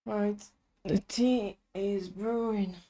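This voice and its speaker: A woman's voice: mid-range voice, fairly even intonation, drawn-out words, mellow. A woman streaming live, muttering to herself while she works at the computer and chatting with her viewers. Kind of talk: casual live-stream chat while coding.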